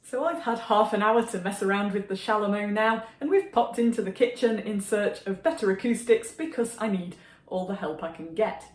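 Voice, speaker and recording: A woman's voice: mid-range voice, normal speed. A woman making a casual music vlog, talking in a dry, self-deprecating way. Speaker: vlogger.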